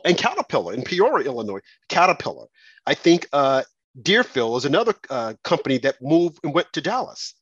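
A man hosting a talk radio show, delivering a fervent, emphatic, preacherly monologue in a husky voice. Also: a little high, a bit bright, no echo, dull audio.

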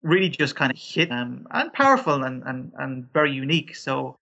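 A man's voice: mid-range voice, very animated, normal speed, vocal fry, bright, forceful tone. A man from Ireland with an Irish accent, speaking hesitantly as a podcast panelist, with many ums and restarts. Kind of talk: casual discussion. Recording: dull lo-fi sound.

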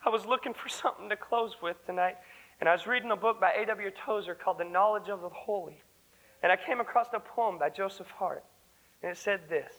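A young man preaches with earnest fervor at a church service. His voice sits high and sounds bright and ringing. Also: brisk, poor audio. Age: young adult. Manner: earnest, fervent preaching, breaks into song. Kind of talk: sermon.

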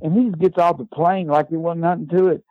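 A man's voice: a little high, fairly quick, dry recording, muffled recording. Older man telling a rowdy story. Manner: lively storyteller, ends lines with "man". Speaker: guest, former wrestling manager. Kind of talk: animated anecdote telling.

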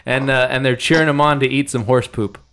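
A man's voice: mid-range voice, fairly even intonation, brisk, noisy background. A man hosting a casual podcast chat, laughing often and joking with his guests. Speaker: podcast host.

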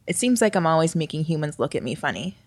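A woman's voice: low voice, very animated, fast talker, no room sound. A woman voicing a curious, naive young mermaid with a foreign accent, speaking cheerfully and earnestly. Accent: foreign, hard to place. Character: young female mermaid on a gap year, curious.

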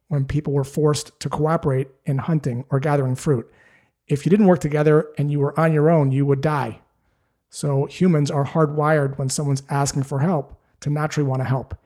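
A man's voice: fairly high pitch, warm tone. A man giving a scripted, direct instructional talk as a sales coach, explaining things steadily.

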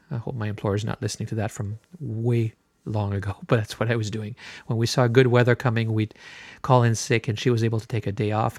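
A middle-aged man telling a personal story in a loose, casual way, often pausing on "uh" and "um". His voice sits at an ordinary male pitch. It is recorded close and dry, with no room sound. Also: no room sound. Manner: relaxed, chatty, frequent filler words. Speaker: podcast host.

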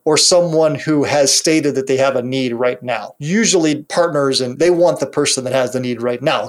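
A middle-aged man in casual podcast conversation, talking through ideas off the cuff. He restarts his sentences often and drops in short laughs. His pitch sits in an ordinary middle range. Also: fairly even intonation, a little fast, hardly any pauses. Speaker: podcast co-host. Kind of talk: casual business podcast chat.

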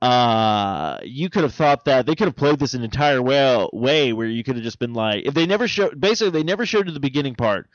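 A man co-hosting a casual film review chat, rambling and excitable, acting out lines as he retells scenes. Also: mid-range voice, fairly quick, hardly any pauses, dry recording. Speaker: podcast co-host reviewing a film. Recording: dull lo-fi dry sound.

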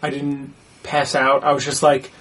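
A man's voice: mid-range voice, monotone, normal speed, a bit bright, slightly rough, far from the mic. A man in casual movie talk who swears a lot and acts out his own reactions.

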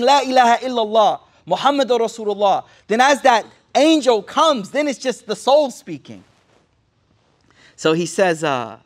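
A man preaching, retelling a story with casual slang and Arabic quotes mixed in. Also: high voice. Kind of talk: sermon storytelling.

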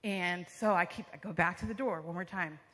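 Young woman, bright and forceful, sharing a storytelling testimony in a reverberant sanctuary. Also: lowish voice, fairly quick. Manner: vivid storyteller, frequent fillers like "like" and "um". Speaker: church member giving testimony. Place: church sanctuary. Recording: long reverb of a large hall.

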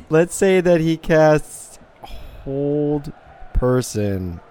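A man in a relaxed manner, taking his turn as a player in a tabletop game. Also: a little high, very slow. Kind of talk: casual tabletop play.

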